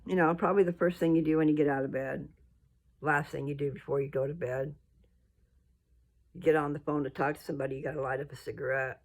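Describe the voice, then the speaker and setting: Older woman, blunt, scolding, rambling talk, lowish voice that leaps high when riled. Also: steady tone, fast. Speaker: vlogger. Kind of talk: casual rant to camera.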